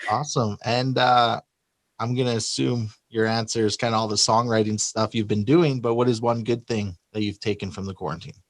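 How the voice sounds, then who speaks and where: A man's voice: lowish voice, steady tone, brisk, no room sound. A man hosting an interview, asking short friendly questions with a few "uh" fillers. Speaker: interview host.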